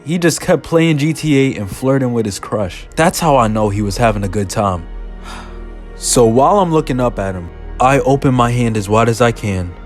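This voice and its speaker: A young adult man narrating a funny childhood story in a casual, slangy, animated storytime style. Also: normal speed, soft background music. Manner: casual, animated, slangy delivery with big pitch swings. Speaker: storyteller, channel host.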